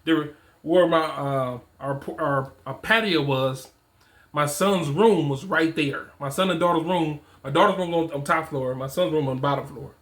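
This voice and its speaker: Speaking at a moderate pace in a slightly high, fairly bright voice, a man in his forties motivates other men as a fatherhood and men's coach. His talk is casual and emphatic, full of slang and repeated points.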